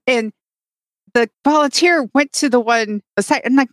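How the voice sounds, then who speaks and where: A woman's voice: on the high side, a little fast, no room sound, studio quality. Chatty woman podcast co-host, rambling. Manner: rambling storyteller, acts out quotes. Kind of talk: casual chat.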